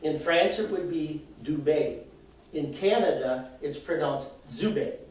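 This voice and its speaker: A man's voice: a little high, moderate pace. Man giving a talk in an echoey hall. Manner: chatty, explains with examples, laughs at himself. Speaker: presenter. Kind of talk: live talk to an audience. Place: arts center event room, indoors. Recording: echoey hall, voice from far off, faint noise.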